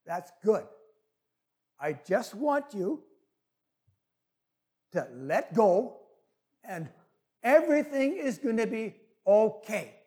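A deep, calm voice speaks from above, as a man puts it on. It is slow and unhurried. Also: full character voice.

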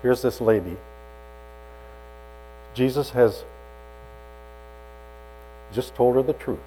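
A man preaching a storytelling sermon as a pastor, swinging from loud emphasis to hushed asides. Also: medium pitch, slow pace, a little hiss or hum, poor audio.

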